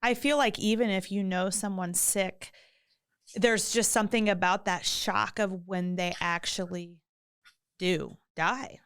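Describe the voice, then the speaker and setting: Woman podcast host, unhurried, smooth clear voice, soft and supportive. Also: medium pitch, fairly even intonation. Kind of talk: gentle interview.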